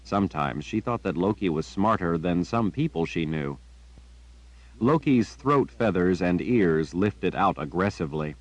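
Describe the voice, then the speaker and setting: A man reading a fantasy novel aloud as a narrator, with measured, unhurried storytelling. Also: deep voice, animated, no room sound, low-quality recording. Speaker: audiobook narrator. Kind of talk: scripted narration.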